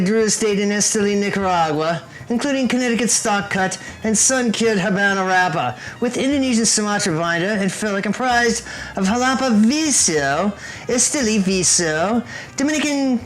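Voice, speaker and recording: A man's voice: high-pitched, a bit bright, low-quality recording. A man co-hosting a cigar review show, chatting casually in a laid-back, joking, rambling way. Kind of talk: casual chat.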